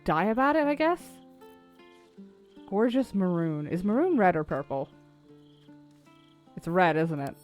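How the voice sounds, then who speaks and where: A woman streaming a video game, chatting casually, swearing and laughing easily. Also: fairly low pitch. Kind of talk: casual gameplay commentary. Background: faint game music.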